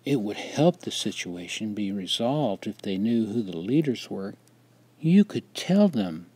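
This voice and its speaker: A man voicing a gentle, concerned female teacher who speaks softly. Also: lowish voice, sing-song, measured pace, husky, dry recording, exaggerated voice. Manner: soft, careful.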